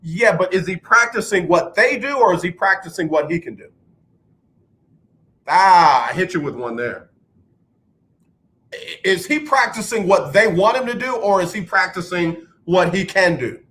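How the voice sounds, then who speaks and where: A bright, high-pitched male radio host rambles through a sports monologue. He is animated and mocks himself when he gets the facts wrong, and his voice has a sharp, forceful edge. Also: normal speed, pauses often. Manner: animated, rambling, self-mocking.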